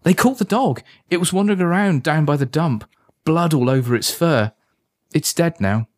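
A man's voice: fairly high pitch, lively intonation, normal speed, pitched above the performer's own voice, lightly acted. A man voicing a concerned teenage girl talking on the phone with a teasing manner. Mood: worried.

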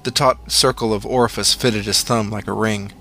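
A man reading a horror story aloud in a measured, dramatic storytelling manner. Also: fairly low pitch, steady tone, vocal fry, pushed and bright, a little hiss or hum. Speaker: narrator. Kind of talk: scripted horror story narration.

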